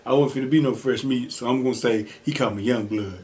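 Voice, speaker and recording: A man's voice: medium pitch, fast, a little mellow. A young man hosting an eating show, telling a story casually, laughing often and acting out quotes. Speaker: mukbang host.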